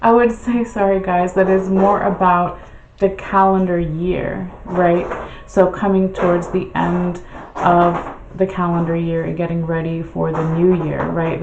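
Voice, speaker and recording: Low-voiced chatty woman reading tarot. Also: roomy sound, dull audio, noisy background. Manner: chatty, rambling, self-correcting with many "okay?" checks. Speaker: tarot reader. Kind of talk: casual tarot reading livestream.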